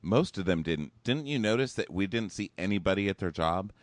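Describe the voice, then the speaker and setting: A man co-hosting a casual chat, sarcastic and quick to mock people with silly impressions. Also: sits low, animated, no echo. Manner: sarcastic, slips into mocking impressions. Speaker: podcast co-host. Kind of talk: casual chat recapping a TV show.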